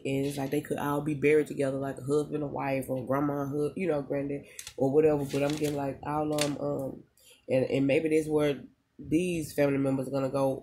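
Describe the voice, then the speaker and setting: Mellow-voiced chatty spiritual reader. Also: medium pitch, breathy edge. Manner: chatty, slangy, pauses to tune in; emotional at moments, talks straight to the audience. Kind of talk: casual channeled reading to viewers.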